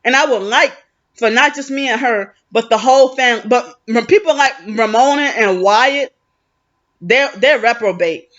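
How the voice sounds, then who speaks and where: A woman's voice: fairly high pitch, measured pace, a bit bright, highs cut off. A woman venting in a rambling, aggrieved vlog monologue, often restarting her sentences. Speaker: vlogger.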